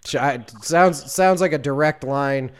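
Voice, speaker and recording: A man's voice: mid-range voice, measured pace, clear, resonant tone. A man co-hosting a casual comedic podcast, talking in a dry, mock-serious way and laughing often. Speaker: podcast co-host.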